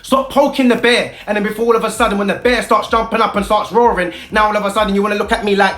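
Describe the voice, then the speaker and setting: A man's voice: sits high, fairly even intonation, fast talker, hardly any pauses, sharp tone. Heated man. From Britain. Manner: heated, confrontational, uses street slang. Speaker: activist vlogger. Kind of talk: impassioned rant to camera. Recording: echoey room.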